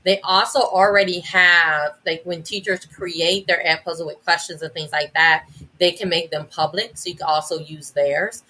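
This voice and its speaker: Woman guest on an education podcast, crisp bright voice, explains stuff with ums and corrections. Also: fairly low pitch, fairly even intonation, normal speed. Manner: explanatory, with fillers and self-corrections. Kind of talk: casual conversational interview.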